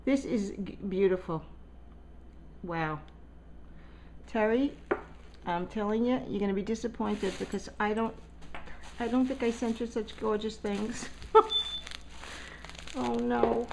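Excitable woman gushing over a gift box. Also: a little high, slow pace, vocal fry, long pauses, noisy background. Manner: gushing, excitable, gasping often. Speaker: vlogger. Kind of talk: casual unboxing vlog. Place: home, at a table.

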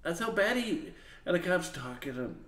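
In an echoey room, a man with a fairly high voice tells a funny story at a moderate pace. The storytelling is casual and animated: he acts out the voices of the people in it and laughs as he goes.

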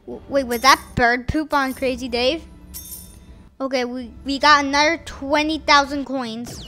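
A woman giving excitable live commentary over her own gameplay, chanting sound effects and repeating phrases as she plays. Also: high-pitched, unhurried, faint music behind. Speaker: gaming video host.

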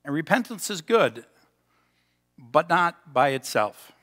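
A man delivering a sermon in a high, bright voice that rings with a long hall reverb. He tells stories and draws out key words to land a point. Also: big pitch swings. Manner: storytelling, slows for emphasis. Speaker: pastor. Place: church sanctuary.

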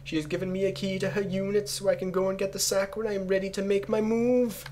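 A man putting on a wandering accent to voice a scheming male assassin who lays out his plans in measured, deliberate reading, sounding fatigued. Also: sits high, level tone, darkish tone, a little hiss or hum, pitched above the performer's own voice, lightly acted. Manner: strained, wandering put-on accent.

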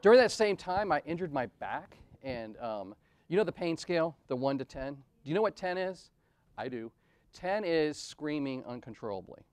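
This forties-aged man has a fairly high, sing-song voice at normal speed, with a darkish, clear, resonant tone. He gives a candid conference talk at an event venue, telling personal stories self-deprecatingly and conversationally, with many "right?" asides.

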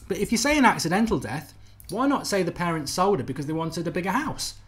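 A man's voice: high voice, lively intonation, fast, fairly bright tone. A middle-aged man hosting a live podcast debate, talking animatedly and repeating phrases for emphasis while reading out viewer comments. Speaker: podcast host.

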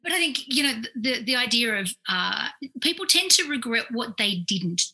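A woman's voice: fairly high pitch, normal speed, breathy edge, low-quality recording. An Australian woman in her forties, a clinical psychologist telling stories as a podcast guest, acting out the people she quotes. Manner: animated storyteller who acts out quoted voices. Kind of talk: podcast interview, anecdotal storytelling.

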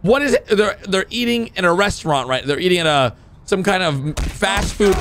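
A man hosting a reaction video, commenting on animations with loud exclamations and quick drops into low, muttered asides. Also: lively intonation, noisy background.

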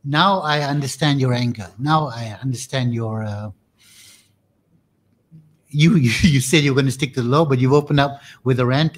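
A man hosting an online video interview, talking in a hesitant, halting way full of fillers. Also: medium pitch. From Malaysia. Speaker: host.

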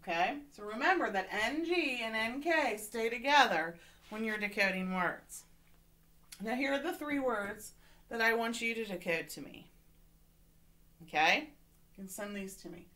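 Woman teacher, slightly high voice, patient and encouraging, walking children through a reading lesson online. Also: expressive, unhurried, bright, forceful tone. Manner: encouraging, patient, repeats "okay?" to check in.

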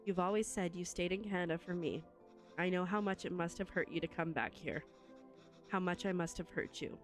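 A woman's voice: fairly low pitch, a little fast, faint music behind, lightly acted. A woman reading a guilty young adult son. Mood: earnest. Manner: reads game dialogue aloud in a near-plain voice.

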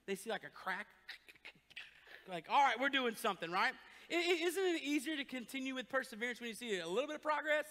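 A male pastor preaching a sermon in an animated, joking storytelling manner. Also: very high-pitched, brisk. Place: church sanctuary. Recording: long church hall reverb.

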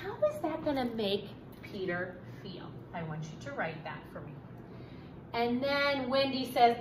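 A woman teaching a recorded fourth grade reading lesson, speaking slowly and emphatically and encouraging her students. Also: fairly high pitch, big pitch swings, noisy background.

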